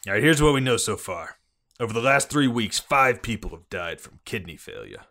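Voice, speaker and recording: A man's voice: on the low side, big pitch swings, fairly quick, creaky, pushed and bright, exaggerated voice. A man voicing a blustering bald middle-aged police chief with a Boston accent in a tabletop role-play. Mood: briefing.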